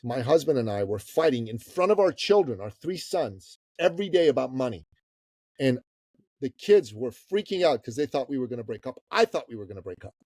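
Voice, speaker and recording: A man in his fifties, from Iran, telling a story as a guest on an interview podcast, animated, swearing casually and calling the host "bro". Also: medium pitch, a little fast, no room sound, studio quality. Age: 50s. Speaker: guest, business coach.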